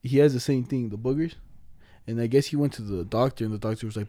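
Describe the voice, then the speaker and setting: A man in casual, profane chat, telling fast stories and acting out the people in them. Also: medium pitch, dark tone, no room sound, clean studio sound. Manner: fast, profane storytelling, mimics people he quotes.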